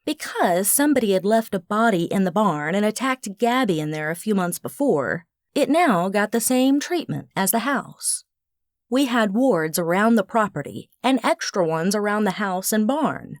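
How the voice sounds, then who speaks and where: Woman audiobook narrator, animated lilt, wry, expressive, close dry studio sound. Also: mid-range voice, normal speed, no room sound. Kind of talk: first-person audiobook narration.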